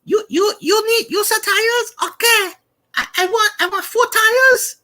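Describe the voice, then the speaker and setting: A man's voice: very high-pitched, pushed and bright, voice pushed up, heavily acted. A man putting on the voice of a dim-witted customer phoning a tire shop, stammering as he asks. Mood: bumbling. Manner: stammering, halting.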